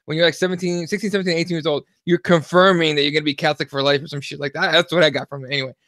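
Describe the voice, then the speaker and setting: A man co-hosting a casual comedic podcast, telling profane stories in an animated way. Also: fairly high pitch, rapid-fire, no echo, studio quality. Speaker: co-host.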